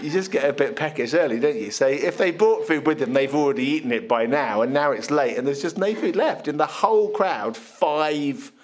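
A man preaching a sermon in a conversational, animated storytelling manner. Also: fairly high pitch, normal speed, few pauses.

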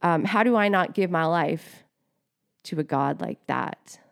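A woman's voice: lowish voice, a little slow, creaky, clean tone. A woman co-hosting a faith podcast, sharing her testimony in a heartfelt, emotional way with many fillers. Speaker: co-host.

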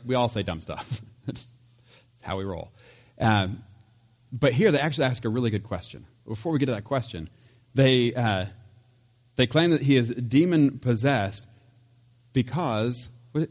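A man preaching a casual, conversational sermon, chatty with laughs and asides. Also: medium pitch. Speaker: pastor.

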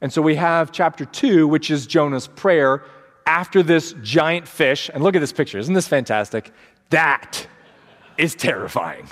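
A man's voice: fairly high pitch, lively intonation, unhurried, fairly bright tone. A man preaching a sermon as pastor, storytelling with energy and acting out the quotes in changing voices. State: sleep deprived. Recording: long hall reverb.

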